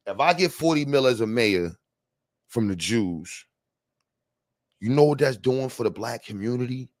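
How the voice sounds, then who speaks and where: A young man hosting a livestream panel, talking in slang, animated and joking, reading the chat aloud. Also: fairly low pitch, no room sound. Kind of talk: casual livestream talk. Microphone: streaming mic.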